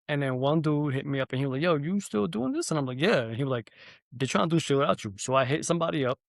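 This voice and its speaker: A young man hosting a podcast, telling an animated, profanity-heavy story in casual chat. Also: fairly high pitch, dry recording. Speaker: podcast host.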